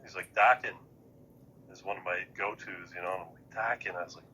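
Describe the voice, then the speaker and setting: A man tells stories and jokes in a laid-back way. His voice sits low but sounds very bright and sharp. A faint hiss runs behind him. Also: steady tone, fast talker, low-quality recording. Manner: laid-back, joking storyteller. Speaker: podcast co-host. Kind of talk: casual chat.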